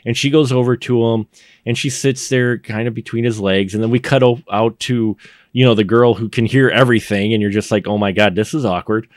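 A man's voice: medium pitch, steady tone, brisk, no room sound, clean studio sound. Rambling man chatting about a movie. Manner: rambling, jokey, acts out scenes with put-on voices. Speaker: podcast co-host. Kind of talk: casual movie review chat. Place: indoor studio room.

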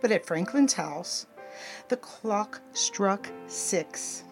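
An older woman gently reading a children's storybook aloud as the show's storyteller. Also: mid-range voice, soft background music. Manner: slow, expressive, gentle reading. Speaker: storyteller host.

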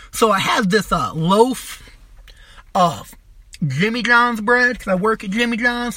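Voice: mid-range voice, pushed and bright, no echo. Profane young podcast ranter. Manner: crude, mocking, swears constantly, trails off and restarts. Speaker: podcast host. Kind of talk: profane comedic rant.

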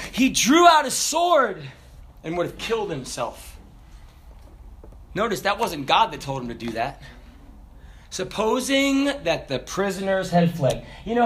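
A middle-aged man preaching a sermon, calling out questions to the congregation and swinging between loud bursts and quiet asides. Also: high voice. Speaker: pastor.

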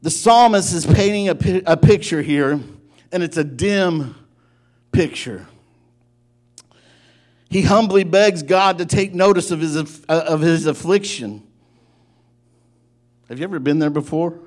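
A man preaching a sermon, telling a folksy story in an animated way and often breaking off to restart his sentences. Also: on the high side, a little slow, long pauses. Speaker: pastor.

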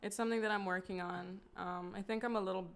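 A woman's voice: medium pitch, steady tone, fast talker. A young woman in a casual couples chat, frank and teasing.

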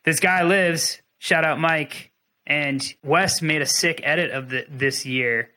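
A young man, a podcast host, telling a race story in casual chat, animated and laughing, slipping into quick impressions of people. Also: fairly high pitch. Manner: animated, laughing, mimics voices.

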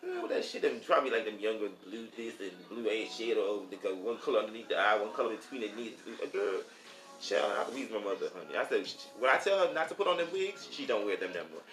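A man spins casual stories with a sassy, profane flair, his pitch bouncing up and down all the time. He keeps calling the listener honey and child. The room is echoey and faint music plays behind him. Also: animated, fast, a bit bright. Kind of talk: casual storytelling. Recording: roomy echo with faint music.

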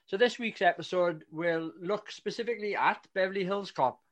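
A man's voice: high voice, normal speed. A man hosting a casual film podcast, chatting enthusiastically with plenty of fillers and restarts. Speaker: podcast host.

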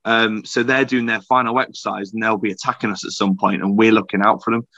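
A young man, a podcast guest, telling army stories in a casual, sweary, animated way. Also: fairly low pitch, fast talker, no room sound, muffled recording. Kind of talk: casual storytelling chat.

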